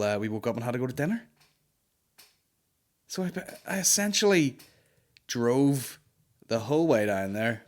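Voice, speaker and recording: A man with a fairly low voice hosts a comedy podcast. He tells a story as an animated, exasperated rant and swears constantly. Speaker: podcast host.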